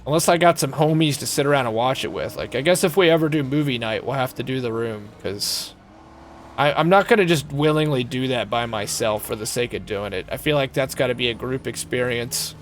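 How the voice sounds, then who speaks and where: A man's voice: mid-range voice, fairly quick, slight background noise. A man streaming a game live, chatting loosely with viewers, joking and swearing freely, thanking them by name. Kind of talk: casual live-stream chat.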